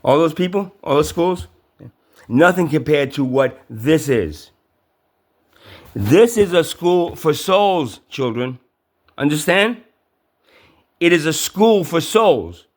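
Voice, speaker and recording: A man delivering a profane ranting monologue, stammering over repeated words and yelling at times. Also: a little high. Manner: stammering repetitions, heavy swearing, yelling.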